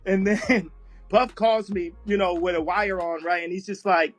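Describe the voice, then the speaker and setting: A man's voice: high voice, fairly even intonation, moderate pace, soft background music. A man telling a story in a casual live chat, often breaking into laughter as he talks. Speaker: guest speaker on an audio chat room.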